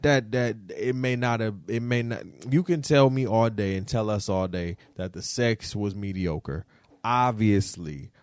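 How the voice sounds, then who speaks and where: A man's voice: no room sound, clean studio sound. A man co-hosting a casual pop-culture podcast, teasing and cursing as he riffs straight at a celebrity. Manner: teasing, profane, riffing directly at a celebrity; animated, swings between low mutters and high exclamations. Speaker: podcast co-host.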